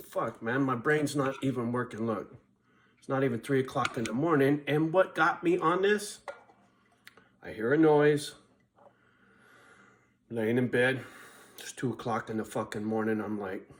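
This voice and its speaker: A middle-aged man telling a rambling story in casual vlog style, swearing constantly and laughing at himself. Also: medium pitch. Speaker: vlogger.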